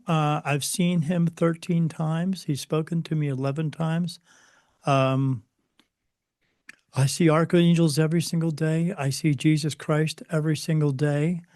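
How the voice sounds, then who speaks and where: A man's voice: a little high, a little mellow. A man with a slightly raised voice speaks as an interview guest, recounting personal experiences. He hesitates often, filling gaps with "uh" and restarting his sentences. The recording is dry and close, with no room echo. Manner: hesitant, many fillers and restarts.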